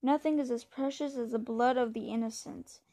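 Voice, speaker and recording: A woman voicing a menacing ancient male bloodsucker who speaks softly and commands. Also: a little high, steady tone, lightly acted. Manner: soft, slow, commanding.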